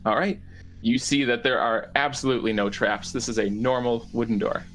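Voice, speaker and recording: A man's voice: mid-range voice, normal speed, a bit bright, soft background music, rough recording. Rambling male game master. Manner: rambling, filler-heavy, self-correcting. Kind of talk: narrating a tabletop game.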